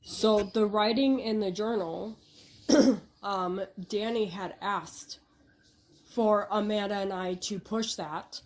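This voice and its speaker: A woman's voice: medium pitch, slow, a little mellow, poor audio. A woman in a casual livestream chat, firmly setting out her side of things.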